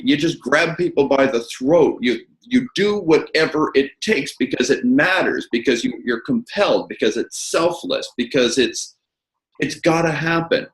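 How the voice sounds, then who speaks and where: Male interviewer and coach, emphatic and animated, roomy sound. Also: medium pitch, normal speed. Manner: emphatic, repeats words when starting a thought.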